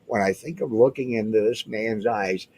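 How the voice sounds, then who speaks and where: A man in his seventies, a guest in a casual chat, rambles through stories of past events and keeps restarting his sentences. His voice sits lowish with a darkish, breathy tone, and he speaks at a normal speed.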